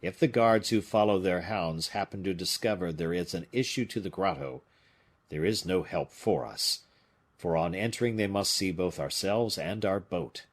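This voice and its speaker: A man voicing a calculating, commanding bishop-musketeer, measured and deliberate, with a low husky voice. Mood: cool command.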